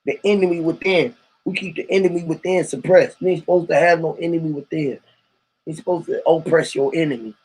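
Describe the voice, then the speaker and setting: A man's voice: on the high side, steady tone, quick pace, darkish tone, husky, low-quality recording. A man hosting a live stream, rambling in heavy slang with profanity and lots of rhetorical questions, greeting callers who join a voice chat.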